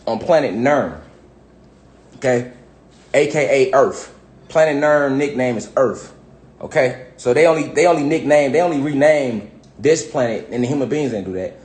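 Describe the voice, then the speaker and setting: A man teaching a casual, rambling lesson from home, profane and full of repeated "you know what I'm saying.". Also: mid-range voice. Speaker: spiritual teacher. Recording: roomy echo.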